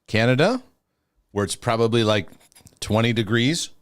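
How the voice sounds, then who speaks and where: A man's voice: mid-range voice, expressive, normal speed, clear, resonant tone, no echo, clean studio sound. A man hosting a live-streamed Q&A, chatting casually with viewers, laughing often and restarting his sentences. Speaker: host of a live Q&A.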